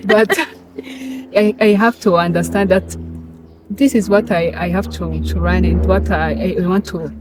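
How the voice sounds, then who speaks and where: A woman student guest in a casual interview, speaking haltingly with many restarts and frequent laughter. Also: fairly low pitch. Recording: noisy background.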